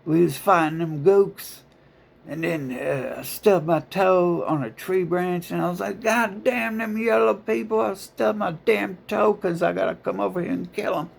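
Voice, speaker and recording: A man putting on the high, strained voice of a whiny, self-pitying complainer. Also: moderate pace, gravelly, exaggerated voice. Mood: whining. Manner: high, strained mocking whine.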